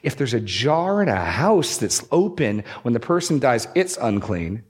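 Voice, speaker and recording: A man's voice: mid-range voice, big pitch swings, a little slow, slightly rough. A man preaching a sermon, expository and emphatic, pushing up and dropping down to stress key words. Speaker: pastor.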